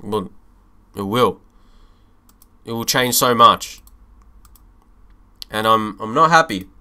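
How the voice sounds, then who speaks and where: Animated, frustrated young man streaming a game. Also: on the low side, slow pace, clear, resonant tone. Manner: animated, swings from hopeful to frustrated, swears. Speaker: streamer playing a football management game. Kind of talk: live gameplay commentary.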